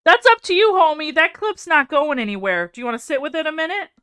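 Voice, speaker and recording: A woman's voice: high-pitched, very animated, quick pace, pushed and bright. A woman streamer in casual live-stream chat, wry and self-mocking, often breaking into laughter.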